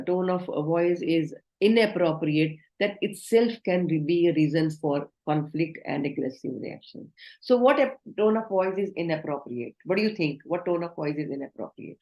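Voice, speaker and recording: A woman's voice: lowish voice, animated, normal speed, a little mellow. A woman giving an online training lecture, instructive and asking the class questions. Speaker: communication trainer. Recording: roomy echo.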